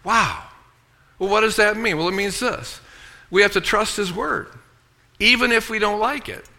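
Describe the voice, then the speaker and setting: A man preaches a sermon with a very bright, ringing tone. His voice sits a little high, and he keeps drawing the congregation into call-and-response. He reads scripture in a lower, softer voice. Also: lively intonation, moderate pace. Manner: preaching with call-and-response, frequent "amen" and "okay". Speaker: pastor.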